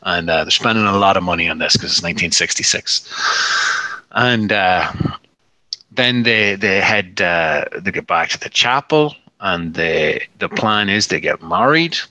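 An Irish man chatting as co-host on a film podcast, tripping over his own words in excitement. His voice is bright and very lively in pitch, recorded close and dry. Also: measured pace, no echo, poor audio. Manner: excitable, stumbling restarts. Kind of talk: casual film review chat.

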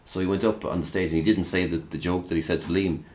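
A man's voice: low-pitched, fairly even intonation, fast, a little mellow. A man in casual chat, laughing often and acting out quotes as he tells stories.

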